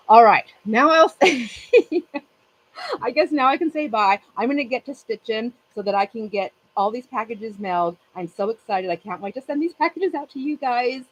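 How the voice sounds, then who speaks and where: A woman's voice: fairly high pitch, breathy edge, poor audio. A woman in her fifties hosting a craft channel, chatting casually with her livestream viewers in a rambling way and laughing often.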